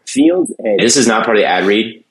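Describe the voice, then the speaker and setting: Podcast host, deep low voice, opinionated, loose casual chat. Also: male voice, huge pitch swings, normal speed, creaky. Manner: opinionated, restarts often.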